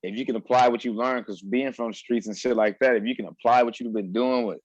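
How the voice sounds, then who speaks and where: A man's voice: mid-range voice, steady tone, fast, no room sound, muffled recording. An American man, a guest life coach, chatting loosely with streetwise slang and emphatic bursts. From United States. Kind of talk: casual interview chat.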